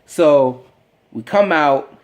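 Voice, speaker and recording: Brief: excitable man vlogger, slightly high, rambling with fillers. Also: drawn-out words. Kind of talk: casual fan commentary.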